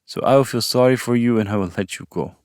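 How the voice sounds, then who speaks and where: A man's voice: mid-range voice, quick pace, dry recording, clean studio sound, lightly acted. Man voicing a lonely guarded vampire. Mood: wary. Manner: defensive, wary. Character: lonely guarded male vampire alone in castle.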